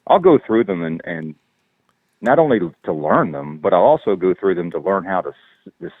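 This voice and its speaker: A man's voice: sits low, expressive, moderate pace, gravelly, no echo. A man with a Southern accent, an actor guest chatting in an interview in a laid-back, rambling way with lots of fillers. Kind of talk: casual interview chat. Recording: tinny phone-line sound.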